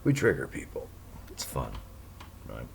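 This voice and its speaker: A man's voice: a bass voice, wildly swooping pitch, unhurried, vocal fry, slight background noise. A man hosting a casual monologue for his listeners, talking in a sarcastic, rambling way with mocking asides. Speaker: podcast host.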